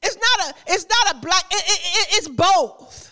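High, bright-voiced woman preaching. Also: normal speed. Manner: conversational, lively preaching with repetition and frequent laughter; addresses the congregation directly. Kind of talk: sermon.

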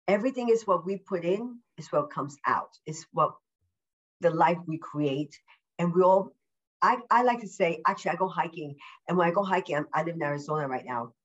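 A woman's voice: low voice, breathy edge, dull audio. Effusive, upbeat woman on a podcast. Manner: effusive, upbeat, repeats words for emphasis; deliberately slowed speech. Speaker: podcast guest. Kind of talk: casual interview chat. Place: at home.

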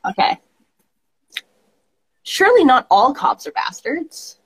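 Woman host, husky voice, supportive, casual chat. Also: sits high, big pitch swings, slow pace, rough recording. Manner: supportive, reassuring, agreeing often. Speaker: podcast host.

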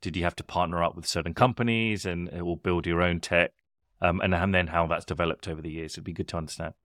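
Deep-voiced male podcast host, rambling questions. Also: steady tone, quick pace, a bit bright, dry recording, clean studio sound. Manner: rambling, repeats words while framing questions. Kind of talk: interview questions.

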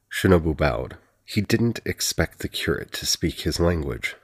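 A man narrating a fantasy audiobook in an even, steady reading. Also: sits low, unhurried, slightly rough.

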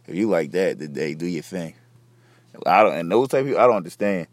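A man's voice: deep voice, animated, quick pace, no echo. A young man hosting a podcast, rambling in loose, slangy, profane casual chat. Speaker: podcast host.

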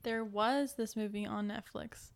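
A woman's voice: medium pitch, fairly even intonation, unhurried. A woman co-hosting a podcast, chatting playfully about books and movies and arguing points with mock logic. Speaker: podcast co-host. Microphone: podcast mic.

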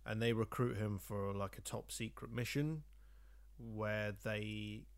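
A man's voice: fairly low pitch, steady tone, slow pace, smooth. A man co-hosting a film podcast, rambling through a plot summary with many hesitations. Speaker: podcast co-host. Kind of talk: casual chat.

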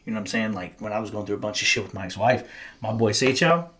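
A man's voice: fairly low pitch, quick pace, fairly bright tone. Man in his thirties, podcast host, profane storyteller, slangy casual chat. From United States.

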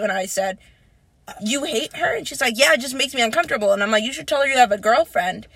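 A young woman in casual chat, telling a story with strong emotion, swearing freely and rising into near-crying shouts. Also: fairly high pitch, expressive, fast, no room sound, rough recording.

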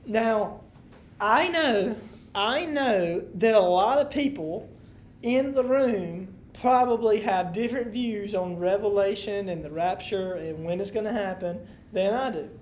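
A woman's voice: mid-range voice, a little slow, darkish tone, a little hiss or hum. A woman leading a Bible study, reading scripture aloud with emphasis and then explaining it in loose, casual talk to a room of listeners.

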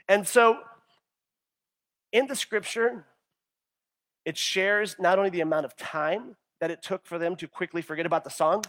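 A male pastor preaching a sermon in an animated way, often stumbling and repeating words as he acts out the people's complaints. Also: high voice, normal speed, pauses often.

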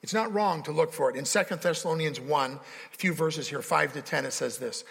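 A pastor preaches with rising emphasis, slipping into dramatic quoted voices. His voice is gravelly, bright and fairly high for a man. A long reverberant church hall rings behind him. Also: a little fast. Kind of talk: sermon.

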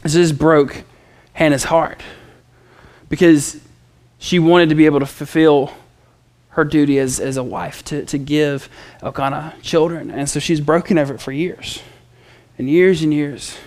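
A man with a slightly high, steady, a little mellow voice preaches an expository sermon at a measured pace. His style is casual and conversational as he reads scripture aloud and mixes in playful asides and fillers.

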